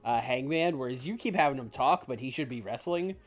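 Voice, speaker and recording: A man's voice: medium pitch, lively intonation, a little fast. A man chatting casually while playing a wrestling sim game with a friend, dry and teasing, breaking into laughter. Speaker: co-host of a game stream. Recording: faint music behind.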